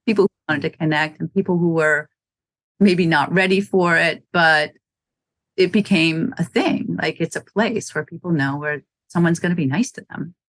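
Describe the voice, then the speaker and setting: A lowish voice at normal speed, dry recording. The speaker is a woman from Wisconsin, United States, who owns a running shoe store, chatting casually as an interview guest, telling stories, imitating what people said, and laughing often.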